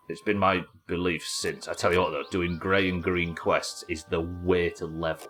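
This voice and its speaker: A man's voice: low-pitched, bright, forceful tone. A man streaming a game live, chatting casually with his viewers and co-players, swearing now and then as he answers their questions. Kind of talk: live gaming stream chat.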